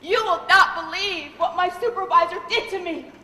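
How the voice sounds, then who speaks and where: A woman's voice: very high-pitched, normal speed, bright, forceful tone, voice pushed up, exaggerated voice. A woman voicing a distraught young female employee who complains indignantly and whines that she was treated unfairly. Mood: aggrieved. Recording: echoey hall, faint noise.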